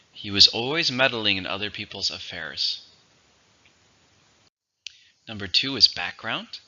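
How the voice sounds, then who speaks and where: A fairly low-voiced man with a very bright, forceful tone runs a scripted vocabulary lesson. He talks slowly and deliberately, leaning on each word. The recording sounds dull and lo-fi. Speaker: English teacher.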